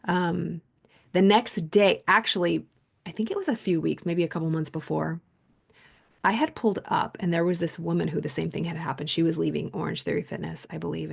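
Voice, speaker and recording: Gravelly low-voiced woman telling a story. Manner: rambling, chatty, heavy use of "like"; earnest, reflective. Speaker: podcast host and coach. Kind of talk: casual storytelling monologue.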